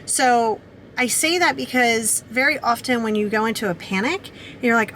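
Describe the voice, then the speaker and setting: A woman talks casually to her camera in an upbeat, chatty way, throwing in "like" often. Her voice sits a little high, with a light hiss of noise behind her. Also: lively intonation, normal speed, a bit bright. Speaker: vlogger. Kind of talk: casual vlog talk to camera.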